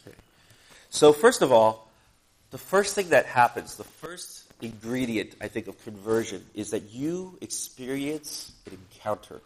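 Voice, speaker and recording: Animated man preaching in church. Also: mid-range voice, unhurried. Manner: animated, conversational, joking asides. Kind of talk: sermon with live interpretation.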